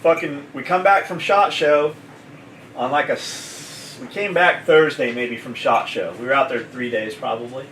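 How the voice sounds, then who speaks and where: A man's voice: mid-range voice, normal speed, fairly bright tone, slight background noise. A man who owns a gear company, telling a story in casual chat, blunt and full of swearing. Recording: echoey room, mic at a distance, faint kitchen clatter.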